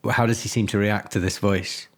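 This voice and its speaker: A man's voice: fairly low pitch, fairly even intonation, normal speed. A man playing a horror tabletop game, talking through his actions with frequent stammers and repeated words. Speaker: player. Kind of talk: in-character tabletop role-play.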